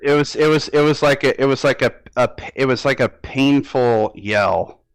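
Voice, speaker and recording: A man recounting a dream in an interview, halting and hesitant with many restarts, close to tears at times. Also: mid-range voice, smooth, no echo. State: near tears, emotional. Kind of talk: emotional interview recollection.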